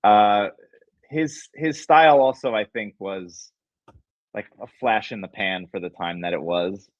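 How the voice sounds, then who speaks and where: A man's voice: on the low side, measured pace, no room sound, dull audio. Dry-sounding rambling podcast co-host man. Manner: rambling, hedging, enthusiastic. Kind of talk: casual chat.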